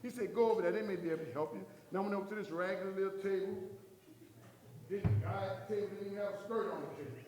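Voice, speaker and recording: A man's voice: high-pitched, very fast, background noise. A middle-aged man giving an inspirational keynote speech, telling a story and acting out the dialogue with a preaching cadence. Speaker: motivational speaker. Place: large hall before a live audience. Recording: echoey hall from far off.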